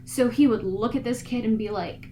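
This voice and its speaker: A woman's voice: on the high side, normal speed, crowd noise, rough recording. A teenage girl telling school stories in a casual podcast chat, acting out the people in them. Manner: animated storytelling, acts out the people in her stories. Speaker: podcast co-host.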